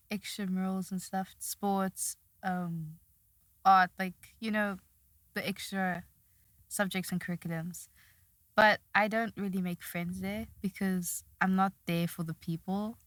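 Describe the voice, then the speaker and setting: A woman's voice: mid-range voice, takes it slowly, pauses often, fairly bright tone, no room sound. A young woman talking casually as a podcast guest, rambling and self-deprecating, laughing now and then. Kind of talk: casual chat.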